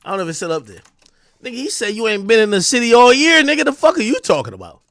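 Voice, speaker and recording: Brief: New Jersey man, livestream host, confrontational rant, high lively voice, dry close sound. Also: racing, no room sound. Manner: taunting, confrontational, swings between loud and low. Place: home streaming room.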